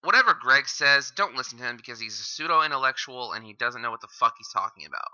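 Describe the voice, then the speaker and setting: A man's voice: medium pitch, expressive, fast, pushed and bright. A man hosting a reaction commentary, heckling and insulting the video with constant swearing. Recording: dull lo-fi mic.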